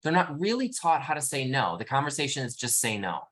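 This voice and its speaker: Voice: medium pitch, sing-song, a little fast, a bit bright. A podcast guest speaking candidly and passionately, swearing as the argument heats up. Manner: passionate, outspoken, swears when worked up.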